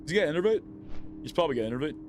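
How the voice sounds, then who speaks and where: Speaking very fast in a slightly high, expressive voice over loud music, a man livestreams a game with casual commentary. He teases the players he fights, taunting and talking to them in a playful way.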